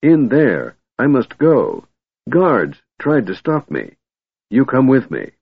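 Storybook dazed wanderer voiced by a man, slow and trance-like, raised pitch, tinny narrow sound. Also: huge pitch swings, vocal fry, breathy edge, heavily acted. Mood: entranced. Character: dazed wild-eyed man, driven and fixated. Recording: tinny narrow-band audiobook recording.

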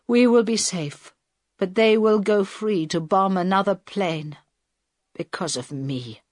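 A woman voicing a despairing man who speaks in a low, hushed, gloomy way in a storybook reading. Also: slow pace, dry recording, clean studio sound.

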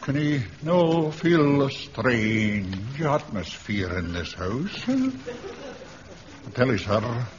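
An actor with a Scottish accent playing a gloomy older private in a radio comedy, speaking slowly and ominously. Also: male voice, mid-range voice, big pitch swings. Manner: slow, ominous, relishing the eerie. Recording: dull old radio recording, studio audience.

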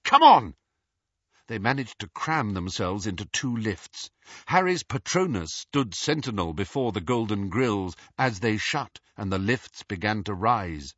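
A man reading an audiobook with lively, expressive storytelling. His voice is bright and a little husky. The recording is dry and dull, like a close studio read. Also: on the low side, unhurried, no echo. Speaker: audiobook narrator. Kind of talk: scripted narration.

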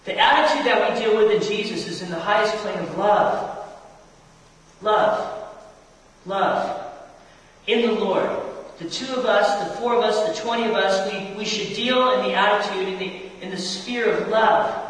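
Speaking at a normal speed, a pastor with a high-pitched, slightly bright voice delivers a sermon and questions the congregation head-on. The church hall echoes, and the microphone sits far away.

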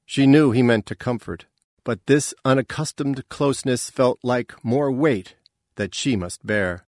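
A man reading a novel aloud in a measured, even storytelling manner. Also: mid-range voice, dry recording, clean studio sound. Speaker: narrator. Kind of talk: scripted narration.

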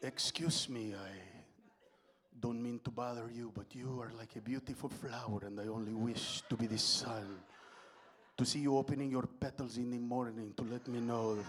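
A comedian voicing a crooning male seducer with a Spanish accent, low and flowery. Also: fairly even intonation, normal speed, lightly acted.

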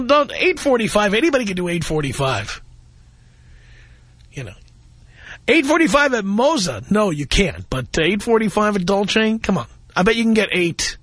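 Animated middle-aged radio host. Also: male voice, high voice, slightly rough, no room sound. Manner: animated storyteller, laughs often. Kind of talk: talk radio monologue. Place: radio studio. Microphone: close studio mic.

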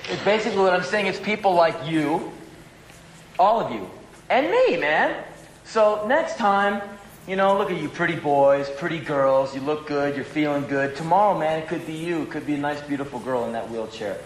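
A man's voice: on the high side, expressive, moderate pace, reverberant, a little hiss or hum, low-quality recording. Profane, rambling stand-up comedian man.

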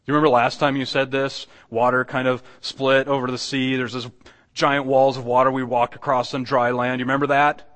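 A man's voice: mid-range voice, flat delivery, brisk, fairly bright tone. A man preaching a sermon as pastor, conversational and earnest, asking the congregation rhetorical questions. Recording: long hall reverb.

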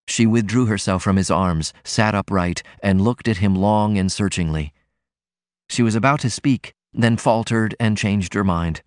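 A man narrating a novel as an audiobook in a steady, even way. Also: on the low side, normal speed, dry recording, studio quality.

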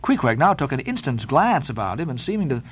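A man reading a classic novel aloud as an audiobook narrator, dramatic and expressive. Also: medium pitch, quick pace, husky, low-quality recording.

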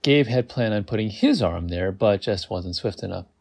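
A man's voice: fairly low pitch, lively intonation, normal speed, vocal fry, a little mellow. A man reading a novel aloud, amused, who stops to comment on the text. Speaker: reader.

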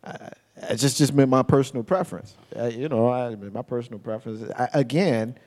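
Measured man in a reverberant room. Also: medium pitch, a little mellow. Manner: measured, hesitant restarts when stating opinions. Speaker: podcast co-host. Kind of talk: casual chat. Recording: long reverb.

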